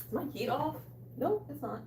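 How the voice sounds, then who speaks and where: A woman hosting a cooking livestream, chatting casually, loud, joking and swearing with her chat. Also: high voice, sing-song, normal speed, slight background noise. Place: small bathroom. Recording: echoey room, a bit distant.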